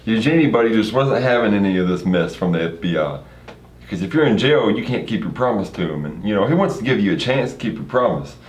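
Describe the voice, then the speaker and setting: A young man co-hosting, casually improvising a second-person story with relaxed fillers. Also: lowish voice, fast. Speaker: co-host and storyteller. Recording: echoey room with faint noise.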